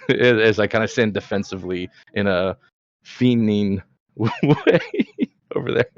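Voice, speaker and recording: Hesitant low-voiced man, dull dry mic. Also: a little slow, no room sound. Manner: hesitant, rambling, giggly. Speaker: player. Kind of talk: casual tabletop play.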